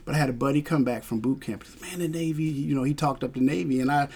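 A man, a veteran guest telling stories in a casual interview, animated and acting out the people he quotes. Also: medium pitch, quick pace, breathy edge. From Georgia, US. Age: 50s. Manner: animated storyteller who acts out quoted voices.

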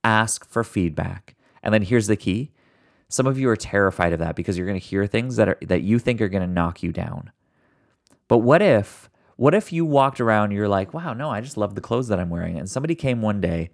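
A man hosting a motivational podcast, talking earnestly and encouragingly straight to his listeners, a fast talker who sometimes slows down on purpose. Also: lowish voice, expressive, gravelly. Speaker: podcast host. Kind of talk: motivational solo podcast talk.

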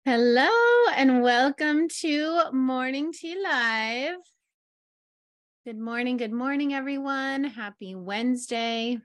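A woman in her thirties, a podcast host and life coach, chatting upbeat and casually before slowing into a soft guided meditation at home. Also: high-pitched, no echo. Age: 30s. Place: at home in a chair with her dogs.

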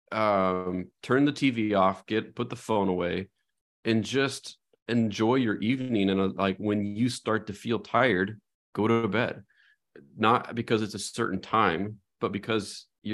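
Middle-aged male podcast co-host, lowish voice, reflective, casual, musing delivery. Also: unhurried. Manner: thoughtful, reflective, frequent "right?" tag questions. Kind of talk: casual conversational chat.

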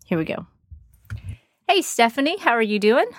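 This podcast host is a Texas woman with a slight Texan accent, conducting a casual interview in a cheerful, filler-heavy style with frequent restarts. Her pitch is fairly high and swings widely, her pace moderate. The audio is clean studio quality with no room sound.

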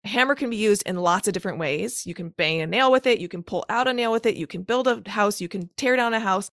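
Gravelly-voiced woman coach explaining. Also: medium pitch, fast, a bit bright, dry recording, clean studio sound. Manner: explanatory, uses step-by-step examples and analogies. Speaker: guest, macro-counting coach. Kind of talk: conversational podcast interview.

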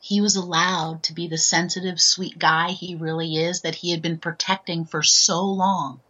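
Her voice is low but bright and forceful, slightly husky, and her delivery flat as this author and transformational speaker earnestly shares a heartfelt personal story on a podcast. She frequently stops to ask "right?", over a dull, lo-fi recording.

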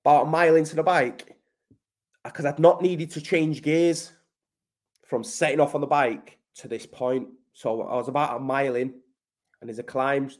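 Guesting on a podcast, a man from Manchester, England, spins a casual story, swearing freely, speaking bluntly and calling the host mate. He has a mid-range voice with a darkish tone.

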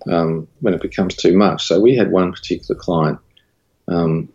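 A man's voice: moderate pace, breathy edge, lo-fi sound. A man, a studio owner telling a candid story in a casual interview. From Australia. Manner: candid, recounts dialogue with rising animated pitch. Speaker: guest, studio owner and creative director.

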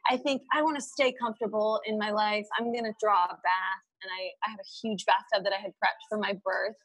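A woman guest telling a story in a casual, animated way, laughing often and quoting her own thoughts aloud. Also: mid-range voice, brisk, slightly rough, no echo, low-quality recording. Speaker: podcast guest.

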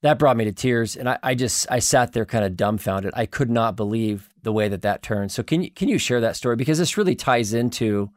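A man hosting an interview, asking his guest in an earnest, quick way to share a story. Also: mid-range voice, no room sound, studio quality. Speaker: host. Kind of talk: interview questions.

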